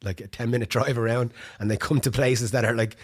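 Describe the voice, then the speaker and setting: A man's voice: medium pitch, steady tone, fairly quick. An Irish man co-hosting a podcast, chatting casually and laughing often. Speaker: podcast co-host. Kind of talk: casual chat.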